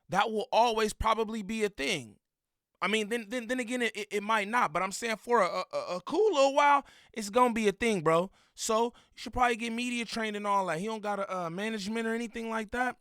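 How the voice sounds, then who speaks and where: A man's voice: high-pitched, a little fast, fairly bright tone, no echo, studio quality. A man giving blunt, slangy reaction commentary on a clip, getting heated.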